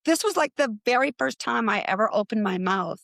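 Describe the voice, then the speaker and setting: A middle-aged woman, a guest on a podcast, telling animated stories and acting out the quoted lines. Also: fairly high pitch, fairly quick, vocal fry, no room sound. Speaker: guest, psychic medium. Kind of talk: storytelling in a podcast interview.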